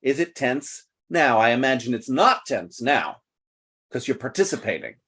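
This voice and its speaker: A man teaching an online English class over a video call, explaining slowly and patiently. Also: mid-range voice, big pitch swings, fairly bright tone, husky. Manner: patient, slow, deliberate explaining.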